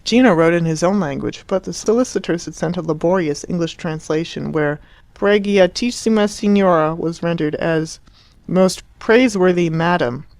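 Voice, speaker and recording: A woman narrating an audiobook in a measured, expressive reading voice. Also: low-pitched, no room sound. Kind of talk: scripted narration.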